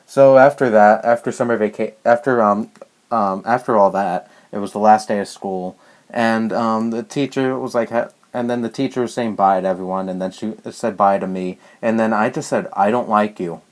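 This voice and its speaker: A man's voice: on the low side, normal speed. A young man vlogging a rambling, exasperated rant about a personal story, full of restarts and fillers. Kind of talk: ranting personal story to camera.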